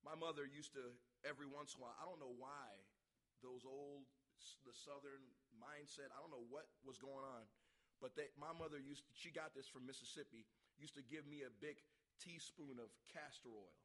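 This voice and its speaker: Fiery preacher man with a bright voice. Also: medium pitch, fairly even intonation, moderate pace. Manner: impassioned, bursts into loud shouts, asks the congregation questions. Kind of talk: revival sermon.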